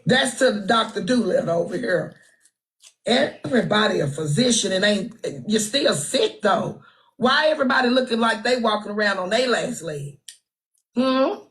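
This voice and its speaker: Speaking at medium pitch and a moderate pace, this animated livestream host has a Texan accent and delivers brash, sassy gossip over her phone. She trash-talks and calls people out, and the recording sounds rough.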